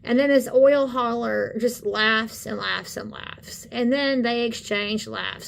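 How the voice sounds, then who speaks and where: A woman, co-hosting a channel, talking indignantly and haltingly in casual commentary on videos. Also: on the high side, vocal fry. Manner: indignant, halting with many fillers. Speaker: channel co-host. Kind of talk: casual commentary on screen content.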